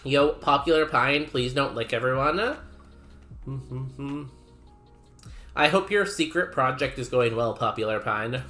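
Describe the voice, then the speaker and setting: A man's voice: medium pitch, a little slow, bright, forceful tone, soft background music. A man streaming a game, chatting casually and rambling while he reads messages from chat aloud.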